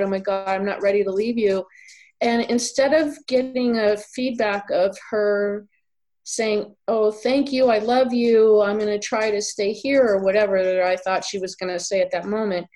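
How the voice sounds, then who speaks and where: A woman's voice: medium pitch, a little mellow, rough recording. A woman author speaking as a guest in a podcast interview, earnest and storytelling, with many "you know" fillers. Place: home office on a farm.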